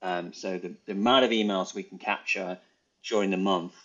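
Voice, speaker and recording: A man's voice: low voice, fairly even intonation, moderate pace, a bit bright, dull audio. A man co-hosting a business podcast, talking casually with plenty of hesitations. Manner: chatty, many ums and hesitations. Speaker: podcast co-host.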